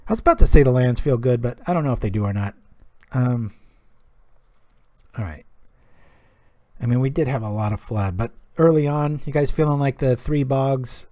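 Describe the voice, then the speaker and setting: Man, card game commentary, casual and joking, mellow tone, dry close mic. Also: mid-range voice, dry recording. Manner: chatty, joking, thinks aloud. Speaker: streamer playing a card game.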